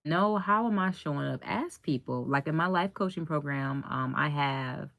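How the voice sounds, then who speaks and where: A woman's voice: low-pitched, lively intonation, moderate pace, gravelly, fairly bright tone, dry recording. A young woman life coach in casual chat with a live audience, chatty and laughing often as she tells stories.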